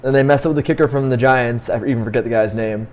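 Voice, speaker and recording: Man, mid-pitched voice, podcast co-host, dry jokey banter. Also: fairly even intonation, fast, a little mellow. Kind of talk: casual sports chat.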